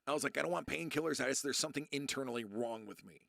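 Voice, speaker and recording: A man in his thirties rambling through a personal story to his live chat, often restarting and quoting people in a lowered voice. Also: expressive, racing, gravelly, fairly bright tone, no room sound, clean studio sound. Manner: rambling, self-interrupting, acts out quotes in a low voice. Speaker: streamer.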